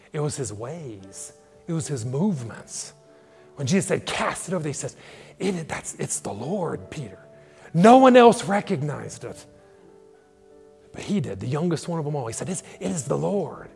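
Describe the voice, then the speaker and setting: A man's voice: medium pitch, vocal fry, a little mellow. A male pastor preaching a sermon, dramatically acting out scripture dialogue. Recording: long hall reverb with faint music.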